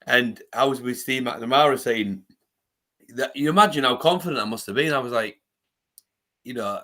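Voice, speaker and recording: A former rugby player, telling his story in a bright, forceful voice. He talks in an animated way, restarting his sentences and repeating words as he goes. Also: mid-range voice, moderate pace, long pauses. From England. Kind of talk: storytelling in a podcast interview.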